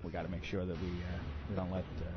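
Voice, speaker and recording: A man putting on the voice of a flat, hesitant male basketball coach who mumbles through his uhs. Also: low voice, muffled recording, voice pushed down, close to an everyday voice. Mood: subdued. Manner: halting, hesitant, full of uhs.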